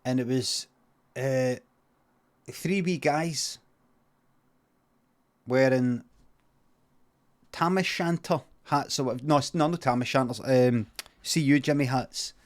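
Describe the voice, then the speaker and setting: A Scottish man spinning an improvised comic tale on a stream, drifting into rambling asides in a dry, deadpan tone. His voice sits in an ordinary middle pitch. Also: slow, pauses often. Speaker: comedian and streamer. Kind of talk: improvised comic storytelling on a livestream.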